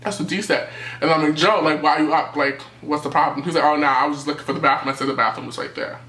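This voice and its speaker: A young man from New City, telling a storytime tale in a lively, animated way and acting out what people said. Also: on the high side, rapid-fire, reverberant. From New York City. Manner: animated storytelling, acting out quotes, jumps to yelps. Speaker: vlogger. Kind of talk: storytime vlog.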